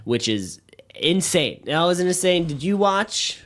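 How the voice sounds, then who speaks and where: A man co-hosting a podcast in a studio, chatting casually in an excitable, rambling way, with lots of fillers and swearing. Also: on the high side, a little slow. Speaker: podcast co-host.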